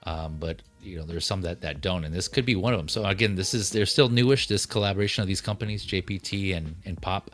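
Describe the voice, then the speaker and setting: A livestream host with a low-pitched voice talks about collectible figures, speaking quickly with hardly any pauses. He's relaxed and rambling, full of fillers and restarts, with faint music in the background.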